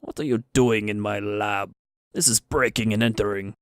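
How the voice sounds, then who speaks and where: A man's voice: fairly low pitch, fairly even intonation, moderate pace, smooth, no room sound, studio quality, lightly acted. A man voicing an irate middle-aged male professor, speaking in an indignant and demanding way.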